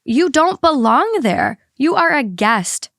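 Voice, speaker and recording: A woman's voice: high voice, sing-song, slow, gravelly, fairly bright tone, no echo, clean studio sound. A woman hosting a podcast, talking in a heated, indignant way with a stuffy nose. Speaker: podcast host. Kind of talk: casual podcast chat.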